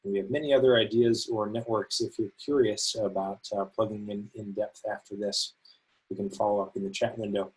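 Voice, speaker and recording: A man's voice: lowish voice, steady tone, brisk, slightly rough, rough recording. A man, a volunteer education coordinator, co-hosts a webinar, speaking enthusiastically with frequent uhs. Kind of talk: webinar presentation.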